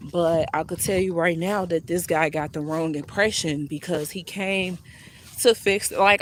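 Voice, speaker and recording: Blunt, animated woman telling a story. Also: on the low side, noisy background. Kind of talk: casual storytime chat.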